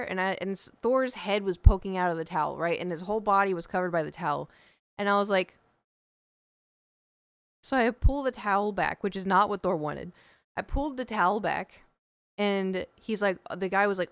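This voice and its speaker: A young woman tells a story on her stream, chatty and animated, jumping in and out of quoted voices. Her voice is smooth and clear, with a dry, close sound. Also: medium pitch, normal speed, long pauses, no echo. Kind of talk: casual storytelling on a livestream.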